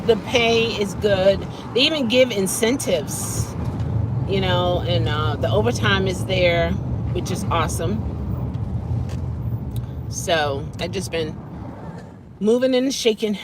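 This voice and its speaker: A woman chatting casually on a live stream from her car, animated and quick to laugh, sometimes dropping to a whisper. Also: mid-range voice, background noise. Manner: animated, laughing often, drops to a whisper at times. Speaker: vlogger answering live chat.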